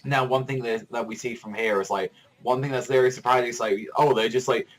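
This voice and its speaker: A young man giving a casual manga chapter review, excitable and rambling, swearing freely. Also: mid-range voice, fairly quick, rough recording. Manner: profane, excitable, rambling with many fillers.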